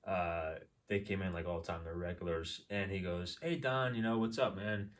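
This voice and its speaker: A man with a low voice tells stories on a podcast, swearing and acting out the people in them. His voice sounds a little distant, as if he is sitting back from the mic. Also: normal speed. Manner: animated storyteller, swearing, acts out voices. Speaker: podcast co-host. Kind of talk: casual chat.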